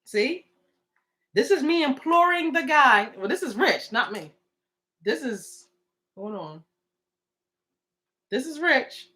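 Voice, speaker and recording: A woman's voice: sits high, big pitch swings, slow pace, pauses often, pushed and bright. Indignant woman talking in a rambling way. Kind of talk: casual live video talk.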